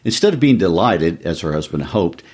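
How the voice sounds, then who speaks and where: A man reading a short story aloud with expressive, measured storytelling. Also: deep voice, slightly rough. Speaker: story reader.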